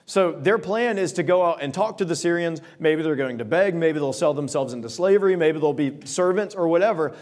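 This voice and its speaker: Man, pastor, sermon, higher-pitched voice, casual retelling of scripture. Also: lively intonation, darkish tone. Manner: expository preaching, paraphrasing scripture in casual modern words; reads King James verses slowly and solemnly.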